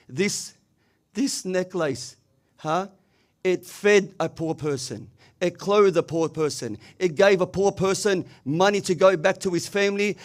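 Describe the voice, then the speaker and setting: A man with a high voice delivers a sermon in a community religious hall. He tells a story with emphatic rhetorical asides and drops Arabic religious phrases into his English. His delivery swings between quiet, low passages and raised, stressed lines. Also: a little slow. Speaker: preacher.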